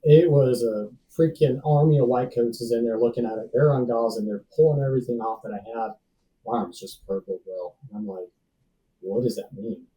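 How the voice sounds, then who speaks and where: A man's voice: mid-range voice, steady tone, normal speed, warm tone, far from the mic, slight background noise, rough recording. A man in his thirties, a podcast guest, telling a personal story in a laid-back, slangy way full of dude and bro. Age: 30s. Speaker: podcast guest, safety professional.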